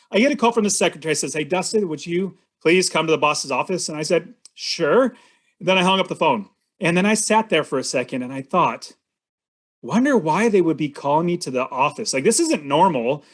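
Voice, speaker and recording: Earnest man telling a story, fairly high voice. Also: fairly bright tone. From California, US. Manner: earnest, builds suspense, addresses the host directly. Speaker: podcast guest, real estate investor. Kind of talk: storytelling on an interview podcast.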